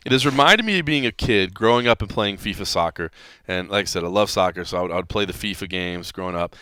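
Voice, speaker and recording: A man's voice: sits low, quick pace, bright, forceful tone, clean tone, no echo. A man hosting a podcast, chatting casually in a rambling way and laughing often. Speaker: podcast host. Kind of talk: casual chat.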